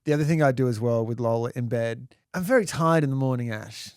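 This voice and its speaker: A man's voice: medium pitch, fast talker, darkish tone, clean tone, no echo, studio quality. A man co-hosting a podcast, telling jokey stories and swearing freely. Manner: joking storyteller, swears freely. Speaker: podcast co-host. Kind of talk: casual chat.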